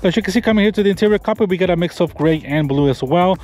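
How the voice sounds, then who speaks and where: Rapid-fire and high-voiced, a bit mellow too, this Floridian presents a car review, moving around a pickup truck and sitting in it. He enthusiastically shows off details in a rambling way, restarting sentences frequently.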